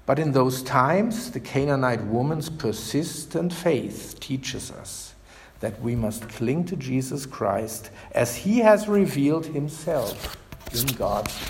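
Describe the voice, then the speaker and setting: A man preaching a sermon as pastor, asking rhetorical questions with dramatic pauses. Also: mid-range voice. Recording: echoey church reverb.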